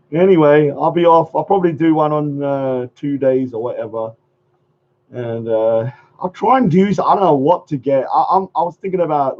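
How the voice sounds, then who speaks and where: A man with a fairly high voice chats casually to his livestream audience, rambling and circling back to the same phrases. The sound is muffled and lo-fi, like typical stream audio. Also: steady tone, normal speed. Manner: rambling, repeats phrases, chuckles often. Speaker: livestream host.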